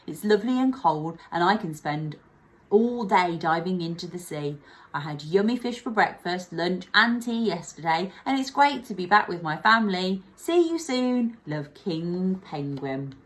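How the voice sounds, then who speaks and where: A woman voicing a cheerful penguin who writes a friendly letter home from the ice, reading it slightly lower and slower. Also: expressive.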